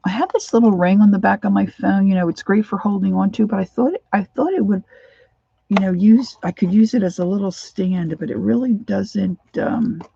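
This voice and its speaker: A woman chats her way through a craft livestream at her home desk, rambling from one thing to the next and slipping into quiet whispered asides. Her voice is dark and mellow with a gravelly edge. The sound is muffled and lo-fi, picked up by a phone or camera on the desk. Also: mid-range voice, moderate pace, no echo. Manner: chatty and rambling, drops into soft whispered asides. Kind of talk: casual craft livestream chat.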